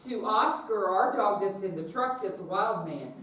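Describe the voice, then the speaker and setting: A woman's voice: medium pitch, expressive, moderate pace. Woman leading a children's sermon. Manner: gentle, asks children questions. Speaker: children's message leader. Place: church. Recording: echoey room, far from mic, noisy.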